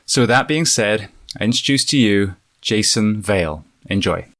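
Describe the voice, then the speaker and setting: A man hosting a podcast interview, asking questions in a relaxed conversational way. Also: fairly low pitch, moderate pace. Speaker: podcast host.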